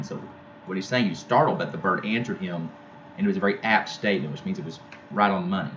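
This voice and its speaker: A man with a very low voice talks through a poem like a teacher, casual and full of fillers and restarts. The recording sounds a little dull, with a faint hiss underneath. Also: quick pace, fairly bright tone. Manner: conversational, with many fillers and restarts. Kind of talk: casual poetry lesson.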